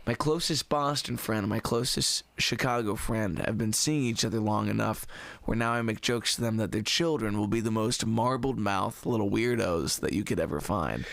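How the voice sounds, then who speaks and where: A man from the Cincinnati area in casual podcast conversation, animated and opinionated, cracking jokes and swearing a little. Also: lowish voice, moderate pace, vocal fry, no echo. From Cincinnati area, USA. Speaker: podcast guest musician.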